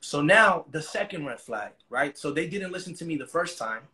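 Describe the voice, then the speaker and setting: A man's voice: a little high, expressive, normal speed, bright, forceful tone. A man as an interview guest, retelling a story in casual, profane slang.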